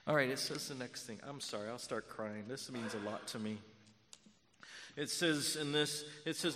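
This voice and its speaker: A man preaching a sermon as pastor, moving between hushed storytelling and loud, fervent preaching. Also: mid-range voice, moderate pace, big-room sound, a little hiss or hum.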